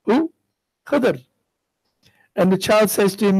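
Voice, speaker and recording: A man's voice: high voice, slow, darkish tone, slightly rough, no echo, poor audio. A middle-aged man preaching a sermon as a sheikh, asking rhetorical questions and acting out the voices in his stories. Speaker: sheikh giving a religious talk. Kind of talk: sermon with storytelling.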